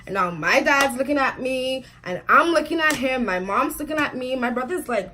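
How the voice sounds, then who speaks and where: A young woman in her twenties recounting a childhood story for her vlog, with a slightly high voice. She talks in quick, chatty bursts packed with "like" and laughs often. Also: animated, sharp tone, a little hiss or hum. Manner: chatty and fast, full of "like" fillers, laughs often. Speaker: vlogger.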